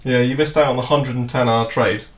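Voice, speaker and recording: A man's voice: medium pitch, fairly even intonation, brisk. A man chatting loosely on a trading livestream, rambling, swearing and laughing often. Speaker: crypto trading streamer. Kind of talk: casual livestream chat. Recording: roomy echo, faint music behind.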